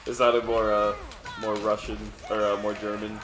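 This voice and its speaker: A man's voice: lowish voice, completely flat delivery, moderate pace, noisy background. Chatty man gaming in an echoey room. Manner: chatty, rambling, casual swearing. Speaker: let's play host. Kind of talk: casual co-op gameplay commentary. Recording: echoey room, faint game music.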